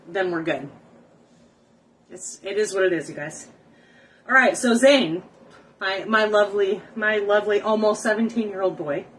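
A woman's voice: medium pitch, a little hiss or hum, low-quality recording. A middle-aged woman chatting to viewers during a live cooking stream from her small home kitchen. She talks casually and is self-deprecating, sounding exasperated by her setup and recording on her phone. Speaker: cooking livestream host.

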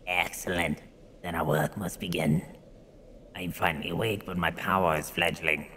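Guy putting on a low creepy ice spirit voice, ancient and ominous, drags every word out slow. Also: steady tone, pushed and bright, slight background noise. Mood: solemn. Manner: slow, solemn, drawn-out delivery. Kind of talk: gameplay dialogue read in a put-on voice.

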